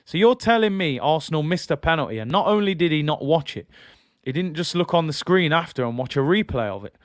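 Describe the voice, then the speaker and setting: Chatty football fan host. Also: male voice, a little high, expressive, no room sound, clean studio sound. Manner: chatty, incredulous, quick to apologize. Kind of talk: casual fan commentary.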